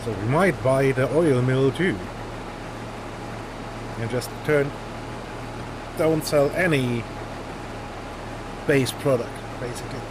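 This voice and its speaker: A man's voice: mid-range voice, slow pace, long pauses. A man with a German accent chatting casually and joking while he plays a farming game on stream. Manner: chatty, joking, thinks aloud. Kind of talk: casual gameplay commentary. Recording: noisy background hiss.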